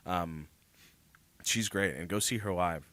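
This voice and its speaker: Bright-voiced laughing podcast co-host man. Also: low-pitched, a little slow, no echo. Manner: laughs often, trails off with fillers. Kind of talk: casual music chat.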